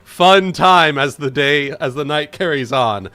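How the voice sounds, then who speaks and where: A man's voice: fairly high pitch, a little slow, sharp tone, clean tone, faint music behind. A man hosting a live story stream, chatting casually with friends in a boisterous, jokey way. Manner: boisterous, jokey, repeats lines for laughs. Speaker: stream host and narrator.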